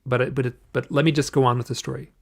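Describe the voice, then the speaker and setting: Gravelly-voiced guy telling his story in a stream interview, lots of stops and restarts, acts out the quotes. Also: mid-range voice, little pitch movement, rapid-fire. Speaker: guest.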